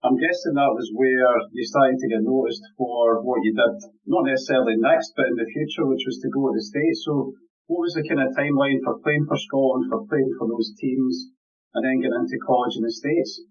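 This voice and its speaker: A male podcast host with a slightly husky voice asks a guest questions and encourages him. The audio is a little dull and lo-fi. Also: medium pitch, steady tone, a little fast, soft background music. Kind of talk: interview questions.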